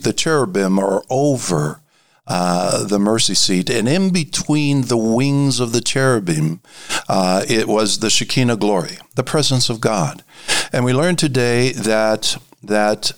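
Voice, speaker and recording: A man preaching an informal sermon, halting, with many fillers and restarts, and dropping to a hushed voice for emphasis. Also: lowish voice.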